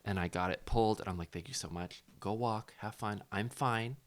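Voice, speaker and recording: A man co-hosting a casual recap chat, telling animated stories with sudden loud yelps and laughs. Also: lowish voice, fairly quick. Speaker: podcast co-host and former contestant.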